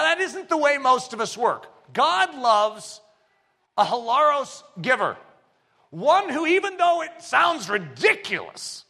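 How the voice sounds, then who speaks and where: A man preaching a sermon, swinging from hushed asides to shouted exclamations and acting out quoted voices. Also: very high-pitched. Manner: animated, shifts between hushed and shouting. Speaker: pastor.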